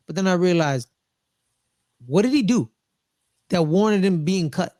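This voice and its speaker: A man co-hosting a casual sports podcast, talking excitedly and repeating phrases for emphasis. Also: fairly high pitch, fairly quick, pauses often, no room sound, studio quality. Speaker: podcast co-host.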